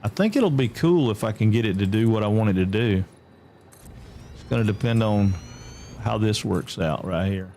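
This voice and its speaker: A man's voice: fairly low pitch, lively intonation, moderate pace, mellow, slight background noise. A man giving casual gameplay commentary, muttering and thinking aloud as he builds. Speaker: streamer.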